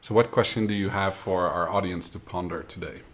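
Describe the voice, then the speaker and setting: A man's voice: deep voice, fairly even intonation, brisk, fairly bright tone. A man hosting a casual backstage interview, asking thoughtful questions. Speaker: podcast host.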